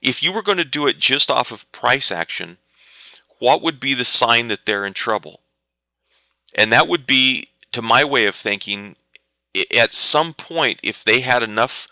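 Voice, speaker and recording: A man's voice: mid-range voice, pushed and bright, no echo. A man teaching market trading in a live webinar, telling anecdotes and answering viewer questions. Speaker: trading educator.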